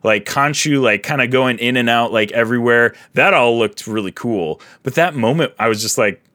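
A young man chatting on a podcast, rambling through his opinions with lots of "like" and "I mean". The recording is dry and close, with no room echo. His pitch is average for a man. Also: moderate pace, pushed and bright. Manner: rambling, filler-heavy, laughing. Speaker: podcast co-host. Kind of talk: casual chat, reviewing a show.

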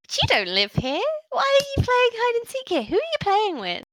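Woman playing a tiny orc girl, bossy and suspicious, piping high, bouncy questions, tabletop game voice. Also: huge pitch swings, a little fast, fairly bright tone, exaggerated voice. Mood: curious. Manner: high-pitched, questioning, childish.

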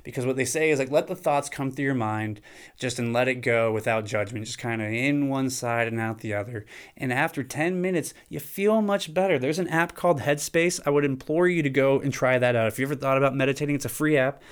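A man talks straight into the mic on his own podcast, loose and conversational. His voice sits in a middle register, smooth and clear. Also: mid-range voice, fairly quick. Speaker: podcast host. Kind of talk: casual monologue.

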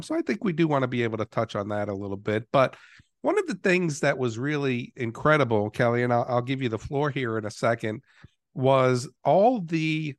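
A man hosts a podcast in an easygoing, conversational manner. His voice sits at an average pitch and sounds dry and close, with no room around it. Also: dry recording. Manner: energetic intro then relaxed conversational. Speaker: podcast host. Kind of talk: casual chat.

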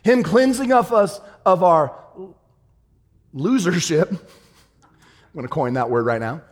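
A man preaching a sermon, swinging from loud triumphant shouts to hushed, laughing storytelling. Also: a little high, animated, unhurried, in a large hall. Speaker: pastor.

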